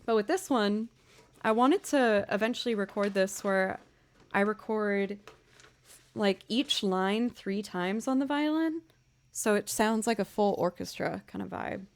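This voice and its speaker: A woman musician chatting casually with viewers on a livestream, bubbly and quick to thank them. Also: mid-range voice. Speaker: musician streamer.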